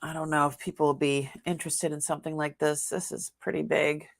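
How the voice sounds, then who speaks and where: A woman's voice: low voice, little pitch movement, a little fast, vocal fry, slight background noise. An older woman hosting a live jewelry sale, chatting casually and laughing often. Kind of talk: casual live-stream selling.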